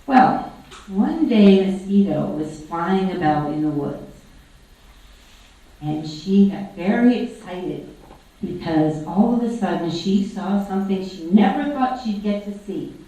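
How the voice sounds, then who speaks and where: A woman telling a story to a congregation in a lively, expressive read-aloud, heard from far off in an echoey church sanctuary. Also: medium pitch, takes it slowly. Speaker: storyteller at a worship service.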